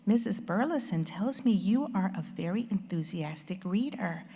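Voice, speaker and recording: A woman doing a gentle, firm mother. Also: medium pitch, animated, breathy edge. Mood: gently firm. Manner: soft, measured and gentle. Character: calm, firm, kind mother. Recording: long hall reverb.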